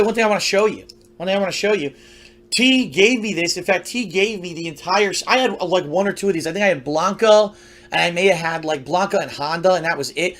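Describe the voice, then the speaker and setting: A man's voice: high voice, fairly bright tone. A man telling a long personal story from his youth in a rambling, conversational way, full of restarts and asides.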